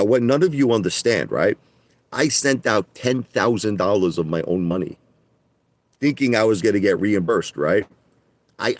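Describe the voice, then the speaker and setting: Low-voiced man ranting defensively. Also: no room sound. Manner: defensive, repetitive, emphatic. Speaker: livestream host. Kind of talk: ranting livestream monologue.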